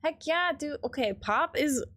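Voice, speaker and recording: Young Midwestern woman, game streamer, rambly casual chat, a bit high-voiced. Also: expressive, measured pace, fairly bright tone. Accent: Midwestern American. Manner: rambling, filler-heavy, reads chat aloud. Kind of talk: casual chat while gaming.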